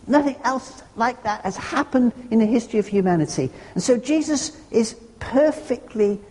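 A man delivers a sermon in an earnest, chatty way and slips in homely jokes. His voice is mellow and a little husky. It rings through a hall with a long reverb. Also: extremely high pitch, expressive, moderate pace. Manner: earnest and conversational, with homely humorous asides. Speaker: preacher.

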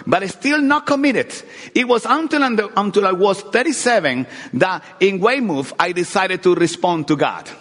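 A middle-aged man preaching an earnest sermon with personal testimony, often repeating words and swinging between loud and hushed. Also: high-pitched, lively intonation, normal speed. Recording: long hall reverb.

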